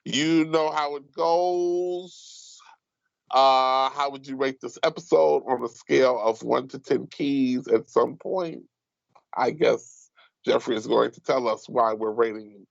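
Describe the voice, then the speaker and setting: A man co-hosting a casual TV recap podcast, talking in an animated, emphatic way. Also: medium pitch, slow pace, vocal fry, dry recording. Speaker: podcast co-host leading the segment. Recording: dull, dry lo-fi sound.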